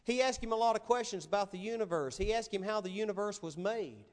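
A man's voice: high voice, lively intonation, fast, darkish tone, big-room sound. A male pastor preaching a sermon in an emphatic, dramatic way.

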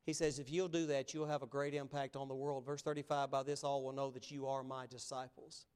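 A man preaching a sermon as pastor, emphatic, swinging between loud stresses and hushed asides. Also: mid-range voice, level tone, a little fast, clean tone. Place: church sanctuary.

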